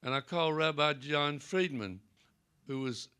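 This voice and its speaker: Speaking at a measured pace, this older Southern Presbyterian pastor has a slightly high, sharp voice that's also clear and resonant. He tells folksy stories on a panel in a library event room, acting out the dialogue.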